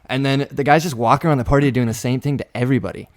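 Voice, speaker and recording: A man's voice: medium pitch, very fast. A young man co-hosting a podcast, telling a party story in casual chat and laughing often. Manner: animated, laughs while telling stories. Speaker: podcast co-host.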